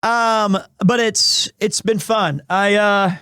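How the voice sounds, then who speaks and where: A man in his thirties streaming live, chatting casually in a rambling, animated way with restarts, recovering from asthma and clearing his throat. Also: high voice, takes it slowly, no room sound, studio quality. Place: small home room.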